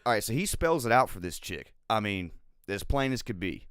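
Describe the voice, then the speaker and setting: A man co-hosting a live podcast, telling stories in an animated way, swearing and laughing often. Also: lowish voice, a little fast, clear, resonant tone, dry recording, studio quality. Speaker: podcast co-host. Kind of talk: casual live podcast chat. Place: live show recording.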